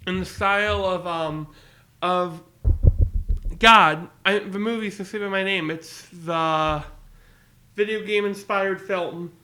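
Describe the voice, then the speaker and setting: A man co-hosting a podcast in casual chat, eagerly pitching ideas and jumping between topics. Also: fairly even intonation, takes it slowly, pauses often, bright, forceful tone. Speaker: podcast co-host.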